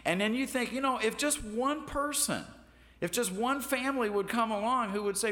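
A man's voice: very high-pitched, moderate pace, sharp tone, long reverb tail. A man preaching a sermon in a folksy, self-deprecating way, often restarting his words. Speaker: pastor.

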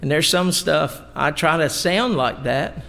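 A man preaches in a folksy, emphatic way, spinning homey asides about his wife's cooking into the message. His voice sits fairly high and carries a gravelly fry. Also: unhurried, bright, forceful tone, in a large hall, some chatter behind. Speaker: pastor. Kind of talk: sermon. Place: church sanctuary.

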